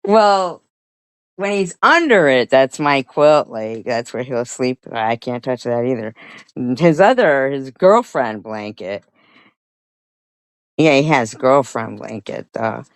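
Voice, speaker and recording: A woman's voice: a bass voice, animated, slow, dry recording. A woman vlogger casually telling a rambling story, swearing and laughing often.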